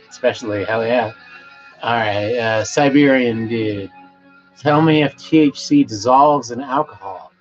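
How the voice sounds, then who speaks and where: A man hosting a casual livestream from home, rambling in a laid-back way and reading viewers' chat aloud. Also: medium pitch. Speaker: livestream host. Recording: slightly muffled, faint music behind.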